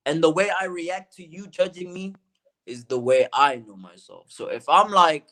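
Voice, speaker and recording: A man's voice: fairly high pitch, animated, moderate pace, fairly bright tone. A young man, a rapper guest, talking earnestly in a casual interview, full of slang and often saying bro.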